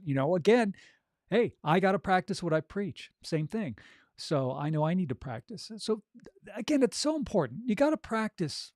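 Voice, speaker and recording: Coaching audiobook narrators in a casual, upbeat chat, this man leans on fillers like "you know". His voice is on the high side with a darkish tone, captured as clean studio sound with no echo.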